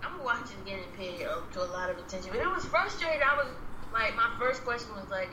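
A woman's voice: fairly high pitch, animated, fast. A woman in casual chat, talking hesitantly and restarting her sentences. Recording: roomy with background noise.

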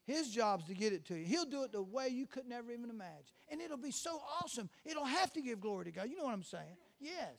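Guy preaching in a church, high voice, kinda gravelly, tells stories and stumbles over words. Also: very animated, quick pace, few pauses. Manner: folksy storytelling, stammering restarts, fervent prayer. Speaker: guest preacher. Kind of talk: sermon.

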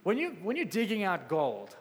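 Man, sermon, passionate preaching, fairly high voice, long echo of a big hall. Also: wildly swooping pitch, moderate pace. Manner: passionate, rising to exclamations then dropping soft.

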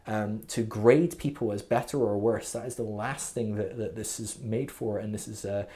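A man's voice: on the low side, fairly even intonation, moderate pace, mellow. A man hosting a faith podcast, explaining a development model in a casual, earnest teaching monologue, full of fillers, restarts and "okay?" checks. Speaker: podcast host teaching a spiritual growth model.

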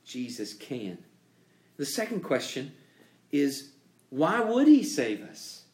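A man preaching a sermon as pastor, emphatic, with dramatic pauses and rising questions. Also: mid-range voice, wildly swooping pitch, darkish tone, echoey room.

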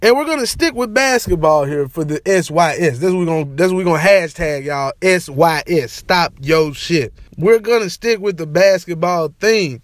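High-pitched animated male vlogger, dry sound. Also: moderate pace, hardly any pauses, no echo. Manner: animated, slangy, repeats catchphrases. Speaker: sports and entertainment vlogger. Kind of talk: casual opinion rant to camera.

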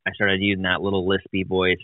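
A man talking in a casual chat, rambling with many restarts and quick laughs. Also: deep voice, monotone, no echo, narrow, tinny audio.

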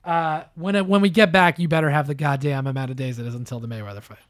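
Guy hosting a podcast, swears a lot, loud jokey voice, dry close mic. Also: steady tone, fast talker, no room sound. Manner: loud, swearing, joking, often jumps up in pitch. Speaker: podcast host. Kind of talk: casual chat.

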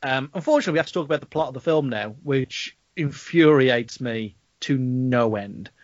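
A man from England's Black Country co-hosts a casual film review podcast, swearing and laughing often as he rants. His voice sits in the mid-range at a moderate pace, and his accent is distinctly Black Country. The recording is dry, with the highs cut off.

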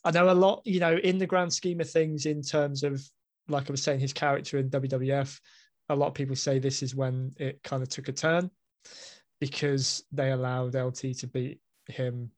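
A man's voice: mid-range voice, flat delivery, normal speed. A man hosting a casual interview, agreeable, giving short replies and then asking long, winding questions. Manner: agreeable, frequent short backchannels. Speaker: podcast host.

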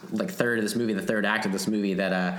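A man co-hosting a podcast, chatting about a movie in an animated, casual way and swearing freely. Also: lowish voice, fast talker, echoey room. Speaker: podcast co-host. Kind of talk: casual movie recap chat.

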